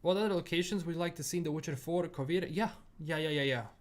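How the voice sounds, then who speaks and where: Young male gaming streamer, from Bosnia, accent a blend of British and American with a Bosnian edge; loose, rambling chat to viewers, voice sits a bit high. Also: fast. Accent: Bosnian-tinged English mixed with British and American sounds. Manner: easygoing, rambling, many fillers and repeats. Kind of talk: casual livestream chat answering viewers.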